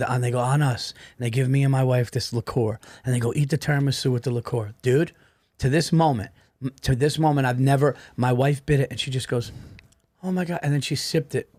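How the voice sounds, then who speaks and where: Excitable man telling a story, dry mic. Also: medium pitch, dry recording. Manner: excitable, swears, says "dude" often. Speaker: podcast host. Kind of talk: casual storytelling chat.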